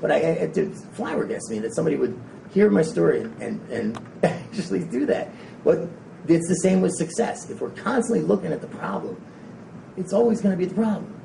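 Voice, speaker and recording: A man with a gravelly, mellow voice gives a rambling, energetic motivational talk to a live audience. He is frank and casual and swears now and then. He is heard from a distance in an echoey room with a faint hiss. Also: on the high side, brisk. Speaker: motivational speaker. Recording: echoey room, speaker away from the mic, faint noise.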